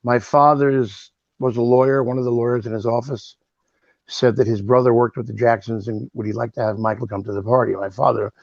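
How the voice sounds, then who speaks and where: A man in his sixties, a guest on an interview show, telling lively anecdotes and acting out the voices of the people in them. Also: medium pitch, brisk, creaky, dry recording, lo-fi sound. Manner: animated, acts out voices in his stories. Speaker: guest, original cast member. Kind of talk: anecdotal storytelling.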